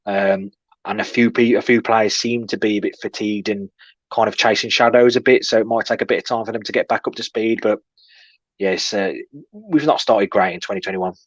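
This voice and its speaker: A man explaining his view as a fan pundit in a casual panel discussion, in a relaxed, hedging way. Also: fairly low pitch, brisk, no echo. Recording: dull lo-fi audio.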